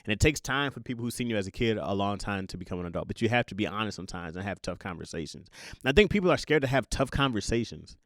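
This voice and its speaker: A man's voice: medium pitch, animated, fast, no room sound, studio quality. A young adult man hosting a casual monologue podcast, telling stories with playful voiced asides and laughs. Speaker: podcast host.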